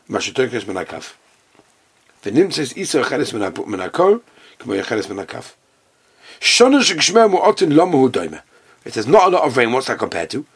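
A man teaching a Talmud class with Yeshivish Ashkenazi Hebrew pronunciation, reading the text and telling the story with animated storytelling. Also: breathy edge, no echo. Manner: animated storytelling, acting out characters with big jumps in pitch.

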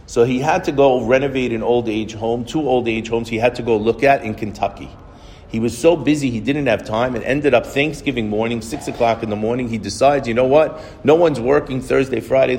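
A man's voice: mid-range voice, a little hiss or hum. Guy preaching and storytelling, keeps restarting lines, echoey hall sound. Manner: repetitive, conversational storyteller with frequent restarts. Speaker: speaker giving a religious talk. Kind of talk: sermon-like storytelling.

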